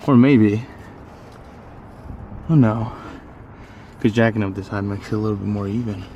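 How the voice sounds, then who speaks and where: A man's voice: fairly low pitch, steady tone, moderate pace, mellow, dull audio, a little hiss or hum. A man casually talking to himself and his viewers in a joking way while working on a car outdoors. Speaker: DIY car repair vlogger. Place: outdoors on a windy day.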